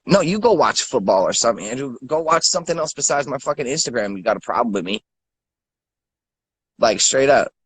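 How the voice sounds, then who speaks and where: A man's voice: mid-range voice, animated, fairly quick, breathy edge, rough recording. An angry man in his thirties ranting with lots of swearing and stammered repeats. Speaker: guest. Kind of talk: angry rant.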